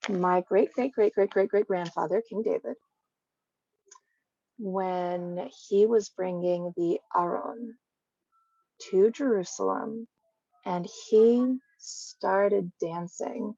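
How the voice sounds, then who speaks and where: Woman speaker for an online religious talk, lively and conversational, mid-pitched, dry and slightly dull recording. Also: takes it slowly, no room sound. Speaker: guest speaker.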